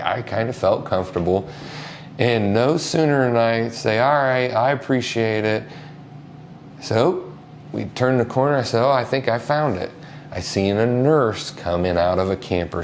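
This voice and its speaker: A man's voice: deep voice, a little hiss or hum. A man, a funeral home co-owner, telling an anecdote in a casual storytelling style and acting out the people he quotes.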